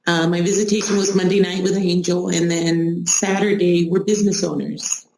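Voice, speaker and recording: Gravelly-voiced woman telling a story. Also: lowish voice, normal speed, echoey room, poor audio. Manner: animated, laughing, acts out quoted speech. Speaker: guest sharing a personal story. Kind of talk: casual storytelling.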